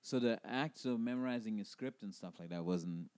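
A man's voice: lowish voice, normal speed, dry recording. A man from the Caribbean, an actor and podcast guest, telling anecdotes in casual chat and laughing often as he talks. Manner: laughs often, animated retelling.

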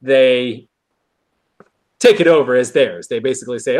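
A man's voice: mid-range voice, moderate pace. A man co-hosting a podcast, casually recapping an episode and acting out quoted lines. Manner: animated retelling with quoted lines. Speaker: podcast co-host.

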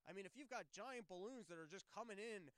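A man rants sarcastically on his commentary show, slipping into mocking impressions. His voice sits high and sounds smooth and resonant. It is recorded close and dry, with no room sound. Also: lively intonation, a little fast, fairly bright tone, dry recording, low-quality recording. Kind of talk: ranting comedic commentary.

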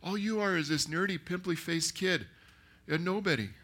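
A man's voice: high voice, normal speed, bright, forceful tone, voice pushed up. A man voicing an anxious friend who begs a boy not to go into a fight he cannot win. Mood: urgent.

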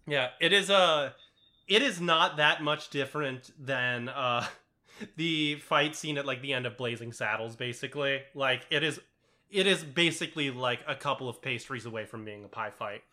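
A man's voice: mid-range voice, moderate pace, pushed and bright. A young man chatting casually about a movie, rambling with lots of fillers and swearing. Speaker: podcast co-host.

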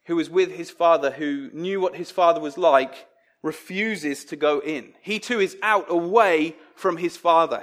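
Emphatic high-voiced male preacher. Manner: emphatic, conversational preaching with dramatic quoted voices. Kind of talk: sermon.

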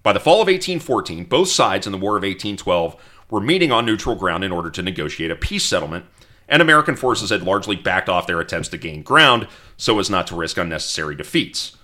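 A man's voice: low-pitched, very animated, quick pace, pushed and bright. A man hosting a podcast, narrating history in a storytelling way, reading out quotes and adding wry asides. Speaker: podcast host.

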